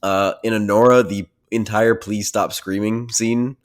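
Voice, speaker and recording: A man's voice: on the low side, steady tone, a little slow. A young man co-hosting a casual movie podcast, dry and laughing at his own picks. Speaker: podcast co-host.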